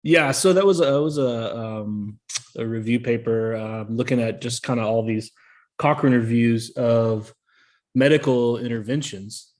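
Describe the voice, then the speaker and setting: A man's voice: medium pitch, unhurried, a little mellow. A man in casual podcast talk, laughing often and explaining things in loose, filler-heavy sentences. His voice sits in a middle range. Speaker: podcast co-host.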